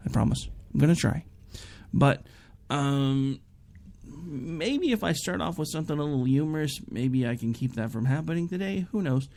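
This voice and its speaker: Gravelly male internet radio host. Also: on the high side, lively intonation, moderate pace, a little mellow, a little hiss or hum. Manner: rambling, folksy and self-deprecating. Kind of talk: casual radio show talk.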